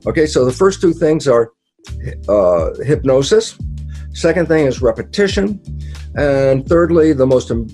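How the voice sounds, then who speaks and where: A man explaining ideas in an interview, animated and casual, acting out quoted dialogue with sudden jumps in pitch and the odd mild swear word. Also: unhurried, faint music behind.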